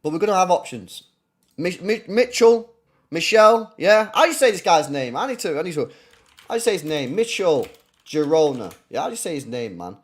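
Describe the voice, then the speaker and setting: A man talks football on a casual livestream. His voice sits a little high and swings widely in pitch. He is blunt and profane, and he doubles back on his own words. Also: fairly quick, slightly rough. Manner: animated, blunt and profane, repeats himself. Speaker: football channel host.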